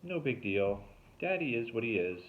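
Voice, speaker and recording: A man voicing a calm, level-headed teenage boy. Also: medium pitch, moderate pace, slight background noise, voice pushed up, natural voice. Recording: tinny phone-like sound.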